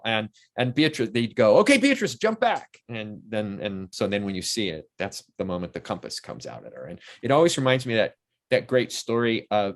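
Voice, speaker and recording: A man in his sixties, an interview guest who tells lively stories about a film shoot and acts out what people said on set. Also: fairly low pitch. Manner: animated storyteller who acts out quotes from the set. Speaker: interview guest, actor and playwright. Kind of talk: casual interview chat.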